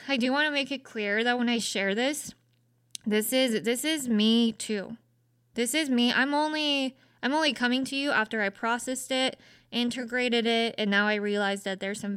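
A woman's voice: on the high side, a bit bright, clear, resonant tone, dry recording, clean studio sound. A young woman hosting a podcast, talking through her thoughts in an earnest, self-searching way with lots of casual fillers. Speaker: podcast host. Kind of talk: casual reflective monologue.

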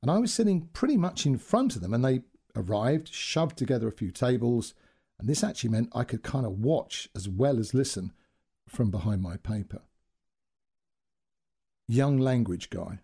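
A man's voice: mid-range voice, animated, moderate pace, mellow, husky. A man telling a wry, anecdotal story as a storyteller. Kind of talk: storytelling narration.

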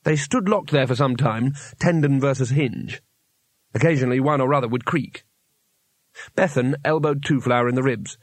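A man narrating a fantasy novel audiobook in an even storytelling manner. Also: medium pitch, normal speed, no room sound. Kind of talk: scripted narration.

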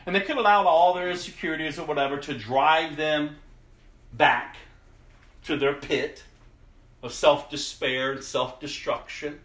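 Slow, emphatic male preacher. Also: fairly high pitch, distant mic. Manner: slow, emphatic, drops to a hush. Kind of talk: sermon with scripture reading. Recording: roomy echo.

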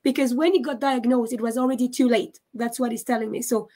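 High-voiced woman medium. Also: steady tone, mellow. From France. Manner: halting, restarts often, checks in with questions. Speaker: psychic medium. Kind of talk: live mediumship reading.

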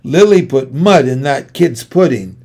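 A man's voice: mid-range voice, lively intonation, measured pace, vocal fry, mellow, husky, heavily acted. A man reading an audiobook, voicing an indignant young sister who sounds whiny and accusing. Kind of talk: audiobook character voice.

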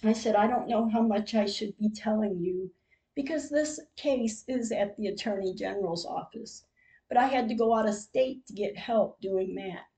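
An older woman hosting a podcast, reading out a personal diary-style account in a slow, measured way, with emotional moments. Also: medium pitch, dark tone, poor audio. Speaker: podcast host.

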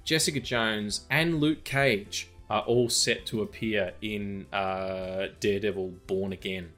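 A man's voice: on the low side, steady tone, unhurried, a bit bright, soft background music. A man, co-hosting a casual film podcast, rambling with lots of fillers and restarts. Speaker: podcast co-host.

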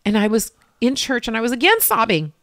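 A woman's voice: fairly high pitch, sing-song, brisk, fairly bright tone, no room sound, clean studio sound. A middle-aged woman telling a personal faith story as an interview guest, acting out past conversations with strong emotion.

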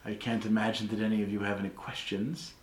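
A man's voice: fairly low pitch, level tone, fast talker, close to an everyday voice. A man voicing a stern, unbeaten female combat teacher who speaks in a clipped, dismissive way. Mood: curt. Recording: roomy echo.

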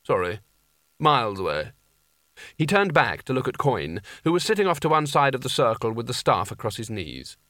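A man narrating an audiobook in a dry, measured storytelling manner. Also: mid-range voice, sing-song, fairly bright tone, dry recording. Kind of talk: scripted narration.

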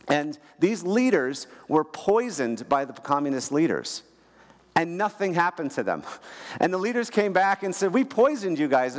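A man preaching to a congregation, his fairly high voice carrying through the long reverb of a large hall. He tells stories with emphatic energy, often tripping over and repeating words as he pushes ahead. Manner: storytelling, emphatic, repeats words when excited. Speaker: guest speaker. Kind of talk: sermon.

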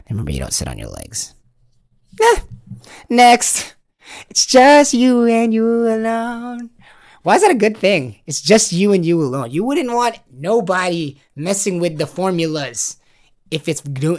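Playful, gravelly male podcast host. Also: a little high, no room sound, studio quality. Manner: playful and teasing, laughs often, jumps into voices. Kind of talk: meditation podcast talk.

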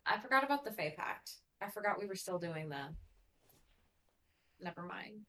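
A woman playing a tabletop game, talking calmly and reassuringly. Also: mid-range voice, moderate pace. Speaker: player. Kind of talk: casual tabletop play.

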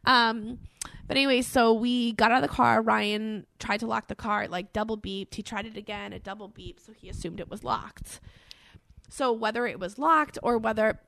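A woman's voice: fairly high pitch, steady tone, moderate pace, vocal fry, fairly bright tone. Rambling woman telling a story. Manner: rambling storyteller, lots of likes and ums. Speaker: podcast co-host. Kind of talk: casual chat.

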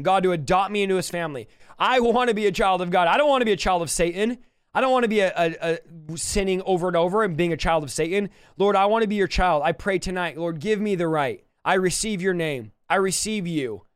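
Fervent high-voiced male preacher. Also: quick pace, smooth, dry recording, studio quality. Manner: fervent, repetitive exhortation. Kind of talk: sermon with prayer.

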